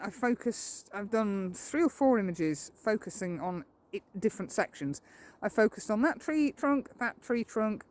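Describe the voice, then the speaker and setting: A woman photographer chatting as she walks through woodland, thinking aloud in a self-deprecating way. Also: medium pitch. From England. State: a little out of breath while walking. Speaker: landscape photographer. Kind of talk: outdoor vlog narration. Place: outdoors in woodland.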